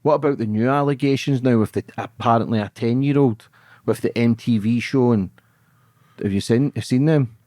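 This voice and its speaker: A man's voice: mid-range voice, moderate pace, mellow, no echo, studio quality. A man hosting a podcast and asking casual, probing interview questions. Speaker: podcast host.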